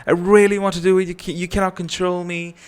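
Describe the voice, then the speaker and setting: A man voicing a defiant teenager who shouts and stammers in a tantrum. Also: flat delivery, fast talker, clean tone, close to an everyday voice. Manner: shouting, stammering, high-pitched.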